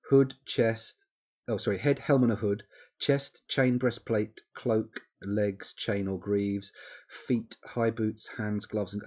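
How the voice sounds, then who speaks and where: A young man streams a game from home, talking half to himself as he works through menus and drifts into relaxed asides. His voice sits on the low side and has a breathy, husky grain, picked up close on a desk microphone. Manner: thinking aloud, muttering menu items, easygoing asides. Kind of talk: casual live-stream commentary while playing.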